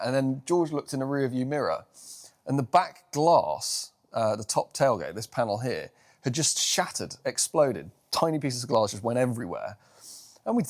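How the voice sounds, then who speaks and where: A man's voice: mid-range voice, a little mellow. A man, hosting a casual car vlog outdoors and telling the story behind the vehicle in a chatty, enthusiastic way. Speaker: car vlogger.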